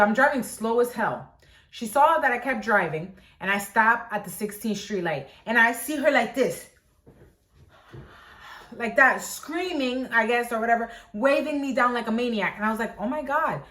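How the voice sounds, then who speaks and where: A woman tells a story on her channel in a lively, chatty way, acting out what people said and dropping "like" everywhere. Her voice sits a bit high, and the room gives it a hollow echo. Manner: animated, lots of "like", acts out quotes. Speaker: vlogger. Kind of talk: casual storytelling. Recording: echoey room.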